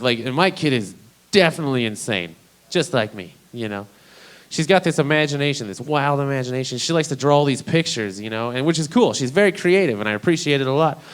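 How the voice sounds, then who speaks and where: This is a young man doing stand-up at a small live venue. He is from Idaho and tells stories in a loose, profane, deadpan way. His voice sits at an everyday middle pitch. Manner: casual, profane, deadpan storytelling. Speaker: stand-up comedian. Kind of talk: stand-up comedy set.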